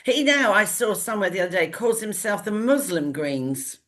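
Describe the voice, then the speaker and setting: A woman co-hosting a political chat, blunt and dismissive, with quick asides. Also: mid-range voice, sing-song, fairly bright tone. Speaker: political commentary show co-host. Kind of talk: casual opinionated chat.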